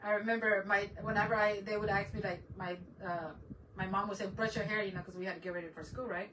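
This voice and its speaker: A woman's voice: medium pitch, steady tone, fast talker, recorded from a distance, noisy background. A woman hosting a live craft stream, chatting casually with viewers and laughing often as she works. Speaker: craft livestream host.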